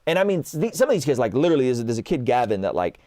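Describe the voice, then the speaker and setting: He's a guest in his thirties with a mid-range voice, racing through lively stories in a casual chat, acting out dialogue and leaning on "like" and "right?". The sound is clean studio quality with no echo.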